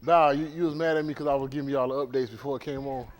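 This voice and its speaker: A man's voice: medium pitch, quick pace. A man leading a congregation, telling teasing stories in casual banter before the service, in an indoor hall. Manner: teasing, storytelling, animated. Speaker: congregation leader.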